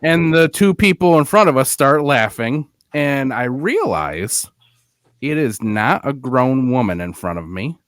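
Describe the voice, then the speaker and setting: A man's voice: mid-range voice, unhurried, no echo, clean studio sound. Laid-back man telling a story on a podcast. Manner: animated storyteller, laughs at his own story. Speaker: podcast co-host. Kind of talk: casual chat, storytelling.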